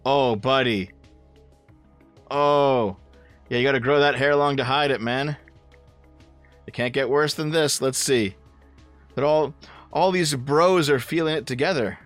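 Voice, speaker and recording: A man's voice: mid-range voice, unhurried, long pauses, soft background music. A man in his thirties giving casual, blunt and profane commentary while reacting to video clips. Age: 30s.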